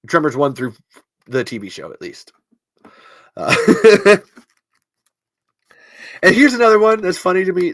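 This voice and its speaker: A man's voice: mid-range voice, fairly bright tone, dry recording, clean studio sound. A man talking through a movie in casual commentary, rambling and playful, swearing freely and laughing at his own jokes. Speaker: video essay host.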